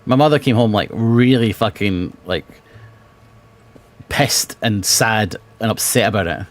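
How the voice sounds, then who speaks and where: A British man streaming a video game, chatting casually and swearing, swinging between muttering and bursts of excitement. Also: lowish voice, unhurried. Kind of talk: casual gameplay chat.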